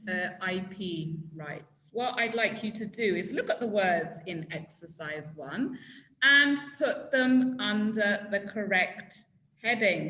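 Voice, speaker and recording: A woman running a legal English lesson with a bright, forceful voice. She speaks slowly and prompts the class to finish each sentence, and the room has a noticeable echo. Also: mid-range voice, a little hiss or hum. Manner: prompting students to fill in words, brisk and encouraging. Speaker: English teacher.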